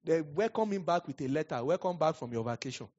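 A Nigerian-accented male pastor preaching with a lively, swooping delivery and a slightly husky edge. He tells his stories animatedly and laughs often. The recording sounds dull and lo-fi. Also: fairly high pitch, fast. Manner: animated storyteller, laughs often, acts out quotes. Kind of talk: sermon with storytelling.

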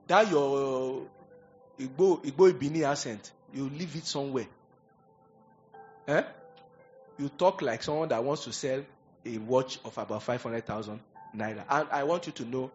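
A man preaching a sermon, animated and conversational, acting out little scenes as he goes. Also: mid-range voice, dull audio. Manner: animated preaching with acted asides. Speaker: pastor.

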